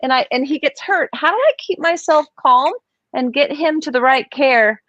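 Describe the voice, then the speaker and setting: High-pitched woman cohost, chatty, dry dull video call audio. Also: expressive, moderate pace, a bit bright, dry recording. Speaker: co-host. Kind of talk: video podcast hosting.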